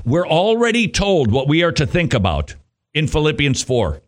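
A man hosting a Christian talk radio show, delivering a jokey, animated monologue with frequent laughs and playful asides. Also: a little high, moderate pace.

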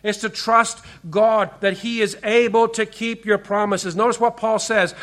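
A pastor delivering a sermon, his voice sitting high for a man. He preaches earnestly, slowing to stress scripture and sinking soft and low on key words. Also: flat delivery.

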